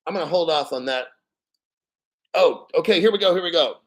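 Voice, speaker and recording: A man's voice: fairly high pitch, brisk. A man in his fifties hosting a crypto channel, chatting casually on a livestream. He swears freely and drifts off into rambling stories. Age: 50s. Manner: rambling, profane, storytelling.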